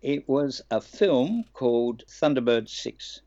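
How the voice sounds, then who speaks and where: An older man from Australia, a voice actor telling lively stories in an interview and laughing now and then. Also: mid-range voice, slow pace. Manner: lively storyteller, laughs and acts out quotes. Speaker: guest voice actor. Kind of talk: anecdotal interview chat. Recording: dull lo-fi remote line.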